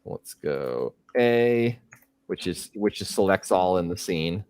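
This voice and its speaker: Rambling middle-aged man, lively pitch. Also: slow, clean tone, no echo. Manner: rambling, thinks aloud with fillers. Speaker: live stream host. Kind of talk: casual livestream chat while working.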